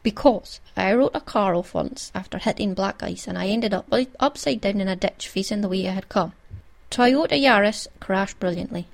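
A woman's voice: mid-range voice, moderate pace, creaky. A woman with a Scottish accent chatting casually and wryly as a host, amused at her own stories. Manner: chatty, wry, self-amused. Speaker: podcast host. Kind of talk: casual chat.

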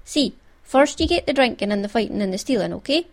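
A woman's voice: a little high, expressive, fast talker. A woman reading aloud and voicing a small, fierce Scottish clan chief in broad dialect, blustering and commanding. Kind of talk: storybook reading.

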